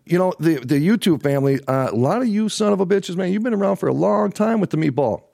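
A fired-up middle-aged man hosts his own livestream and rants with heat. He swears freely and hammers his points by saying them again. His voice sits a little high for a man and sounds close and dry, with no room echo. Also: animated, fast, creaky, darkish tone. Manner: heated, profane, repeats himself for emphasis. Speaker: host of a livestream political show. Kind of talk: angry livestream political rant.

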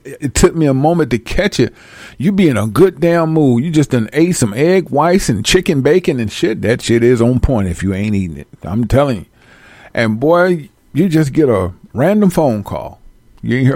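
A man giving casual, profane life advice to his viewers, acting out both sides of phone calls in slangy, animated bits. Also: medium pitch, moderate pace, no room sound. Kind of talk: casual direct-to-camera rant.

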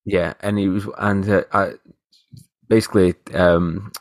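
A low, gravelly-voiced man, chatting as a podcast co-host. He tells a meandering anecdote full of swearing and mimicked voices, in his thirties. The sound is close and dry. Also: fairly even intonation, unhurried, dry recording. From northern England. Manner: rambling storyteller, swears, mimics people in his stories. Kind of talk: casual chat, anecdote.

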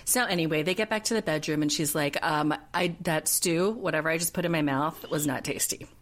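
A woman co-hosting a podcast, casually recapping a reality show in animated retellings and quoting people in put-on voices. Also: low voice, fairly quick. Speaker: podcast co-host.

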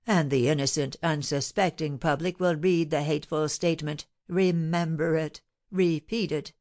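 A woman's voice: low-pitched, a little mellow. A woman voicing a mournful, timid middle-aged male porter who moans in a dolorous voice. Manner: moaning, dolorous.

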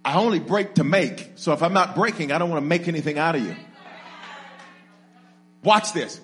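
A man preaching an energetic sermon. He leads the congregation in call-and-response, jokes with them, and swings from low asides to shouted, drawn-out climaxes. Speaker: pastor.

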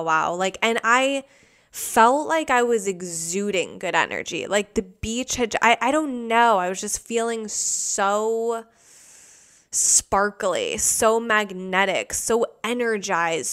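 Young woman, mid-pitched and smooth, chatty vlogger storytelling, lots of fillers. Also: takes it slowly. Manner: rambling, filler-heavy, animated retelling. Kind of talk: casual storytelling.

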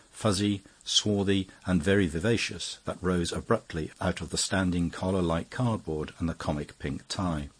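A man narrating an audiobook in a measured, even reading. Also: deep voice, slightly rough. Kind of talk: scripted narration.

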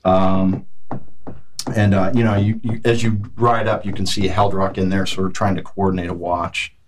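A man narrating as game master of a tabletop game, halting and full of fillers. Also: deep voice, little pitch movement, slight background noise.

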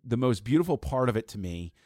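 A man's voice: medium pitch, very animated, fast talker, darkish tone, no room sound, clean studio sound. A man talking through a film analysis in casual podcast conversation, building his points with restarts and fillers. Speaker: podcast co-host.

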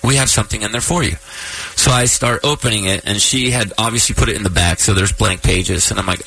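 A man in his thirties with a bright, slightly husky voice tells a personal story on air as host. He talks casually, choking up and laughing through tears. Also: fairly low pitch, fast, hardly any pauses, rough recording.

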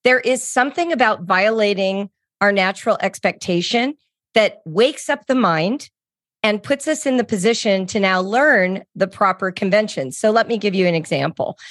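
A middle-aged woman co-hosting a podcast, explaining teaching tricks in a lively, example-filled way. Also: mid-range voice, no echo, studio quality. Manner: animated explainer, acts out examples. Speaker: podcast co-host. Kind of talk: casual teaching chat.

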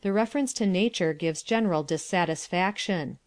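A woman reads stage directions in an even, matter-of-fact way. Her voice is on the low side. The sound is dry and close. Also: normal speed, no room sound. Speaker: narrator reading stage directions. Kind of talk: plain audiobook reading.

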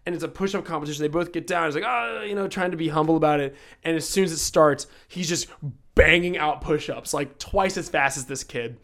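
A man telling a story on a casual podcast, animated and laughing. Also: a little high, fairly quick.

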